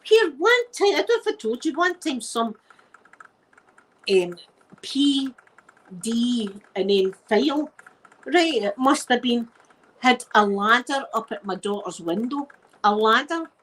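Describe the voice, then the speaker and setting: A middle-aged woman with a Glaswegian Scottish accent, telling stories in a relaxed ASMR chat and dropping Scots words as she goes. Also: a little high, a little slow, long pauses, low-quality recording. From Scotland. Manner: chatty anecdotal storyteller using Scots words. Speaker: ASMR creator.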